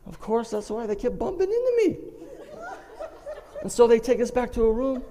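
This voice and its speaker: On the stage of a performing arts center, a man with an extremely high-pitched voice tells a funny personal story to a live audience at a moderate pace with long pauses. He's animated, acting out voices and sound effects, while a faint crowd and the hall's long reverb surround him.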